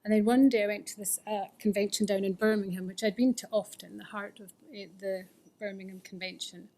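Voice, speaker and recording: Her mid-range voice is steady, fairly quick, and dark as the middle-aged woman recounts her own recovery at a fellowship gathering. She's open and pokes fun at herself in this personal testimony, often slipping into a whisper.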